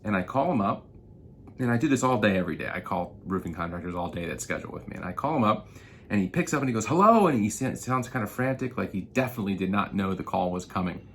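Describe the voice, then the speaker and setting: A man's voice: low voice, quick pace, a little hiss or hum. A man talking casually and with frustration to roofing contractors, telling a story and venting as a marketing consultant. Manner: animated, frustrated storytelling with profanity. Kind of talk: casual vlog rant.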